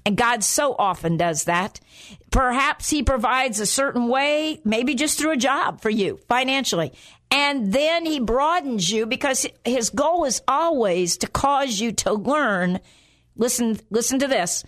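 A woman's voice: fairly high pitch, expressive, unhurried, fairly bright tone. A woman preaching a sermon in an earnest way, often repeating phrases for emphasis.

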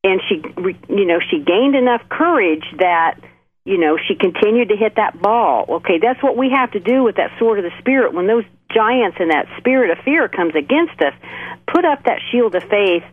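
A woman's voice: mid-range voice, animated, moderate pace. A middle-aged woman co-hosting a Christian talk show, speaking earnestly and building her points with repeated phrases. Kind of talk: faith talk, testimony. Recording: tinny phone line.

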